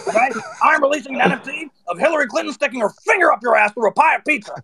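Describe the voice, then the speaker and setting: A man doing a comic impression of a ranting male conspiracy radio host who shouts in a rambling, paranoid way. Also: very high voice, animated, rapid-fire, gravelly, voice pushed up, exaggerated voice.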